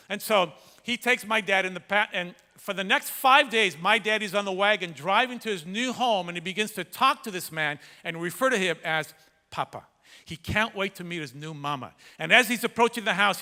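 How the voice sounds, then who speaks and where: A man preaching a sermon as a pastor, telling a story in an animated way that swings from hushed to shouting. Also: high-pitched, brisk. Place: large church hall. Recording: long hall reverb.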